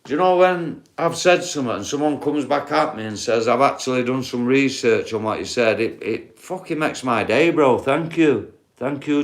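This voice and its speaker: A man with a broad Yorkshire accent hosts a livestream and talks straight to his viewers. He tells loose, rambling stories full of swearing, at an ordinary middle pitch. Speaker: livestream host.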